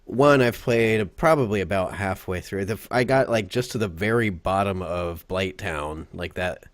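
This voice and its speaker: A man hosting a casual gaming podcast who rambles, laughs often and gets animated when he quotes himself. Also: low-pitched, normal speed, dry recording. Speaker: podcast host.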